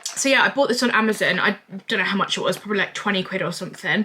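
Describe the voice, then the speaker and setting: A woman's voice: mid-range voice, very fast, bright, forceful tone, slight background noise. A young woman, chatting casually in a rambling vlog Q&A and drifting off topic. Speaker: vlogger.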